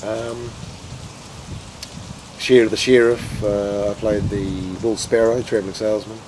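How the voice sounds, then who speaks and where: A man's voice: on the low side, measured pace. A middle-aged man with a New Zealand accent, telling rambling, self-mocking stories about his past. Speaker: storyteller of his own acting past. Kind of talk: casual anecdotal storytelling. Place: outdoors in the rain. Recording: steady rain noise behind.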